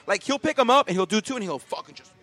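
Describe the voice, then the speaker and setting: A man's voice: sits high, expressive, very fast, pushed and bright. A man co-hosting a casual podcast, ranting profanely with lots of fillers and restarts. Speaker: podcast co-host. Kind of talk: casual comedic rant.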